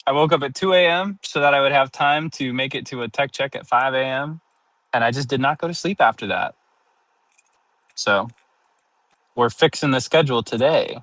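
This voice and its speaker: Giggly, sleepy man with a bright voice. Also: medium pitch, moderate pace, long pauses, dry recording, rough recording. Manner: giggly, laughs often between sentences; playfully dramatic. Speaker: streamer. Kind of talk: casual chat with viewers.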